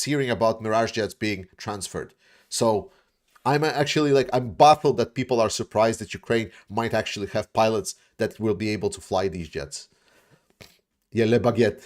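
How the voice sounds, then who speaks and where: A man's voice: on the low side, normal speed. A man giving casual commentary and answering viewer questions, speaking bluntly with many restarts, fillers and some swearing. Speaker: YouTube war commentator.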